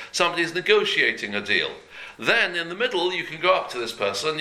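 A man's voice: mid-range voice, sharp tone, slight background noise. A man teaching a daily Jewish law class in an earnest, conversational way, repeating and rephrasing each point as he explains it. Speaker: Torah teacher. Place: room before a talk.

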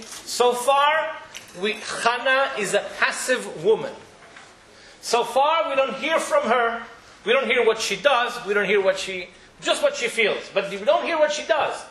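A man with a high, bright voice, teaching a Torah class and moving between quotations and explanation. The room is echoey, with faint noise behind him. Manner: animated, mixes Hebrew quotes with English explanation.

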